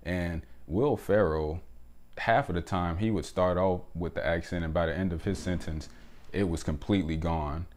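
A man with a notably low, deep voice talks through a movie review in a loose, conversational way. He is opinionated and fills his sentences with "you know" and "like". It sounds like a host speaking to his channel from inside his home. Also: steady tone, normal speed, a little mellow. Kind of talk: casual spoken film review. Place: indoors at home with windows closed.

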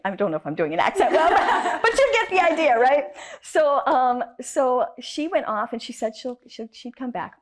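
A woman's voice: a little high, big pitch swings, a little fast, hardly any pauses. A woman, a guest artist, telling stories in an interview with enthusiasm and emphatic repetition. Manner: enthusiastic, emphatic, with repeated phrases. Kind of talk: interview storytelling.

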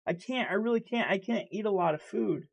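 A man's voice: high voice, a little fast, gravelly, breathy edge. A man in a candid personal vlog, talking earnestly and heatedly, stuttering and repeating himself. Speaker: vlogger.

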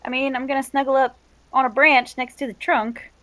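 Playful high-voiced woman player. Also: flat delivery, a little fast, fairly bright tone, poor audio. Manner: playful, laughs often. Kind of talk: casual play at a tabletop game.

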